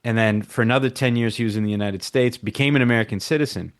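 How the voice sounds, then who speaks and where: A man's voice: medium pitch, fast talker. Thoughtful man on a radio panel. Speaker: reporter guest. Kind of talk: radio talk show discussion.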